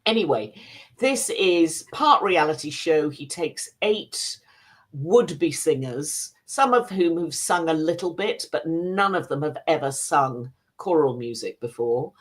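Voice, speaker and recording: A British woman reviewing television on a radio show, talking in a measured, chatty way with frequent fillers. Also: low voice, lively intonation, husky. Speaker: film and TV critic. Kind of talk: casual review chat.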